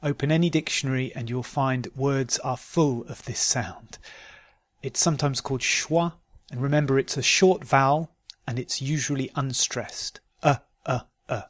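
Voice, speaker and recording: A man teaching pronunciation, reading word lists slowly and clearly for learners to repeat. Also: medium pitch, dry recording. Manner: slow, deliberate, isolated words for repetition. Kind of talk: slow word-list drill.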